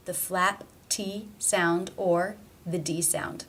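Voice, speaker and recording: A woman's voice: lowish voice, fairly even intonation, fairly bright tone. Woman teaching careful pronunciation. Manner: slow, careful demonstration of sounds. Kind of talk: pronunciation lesson.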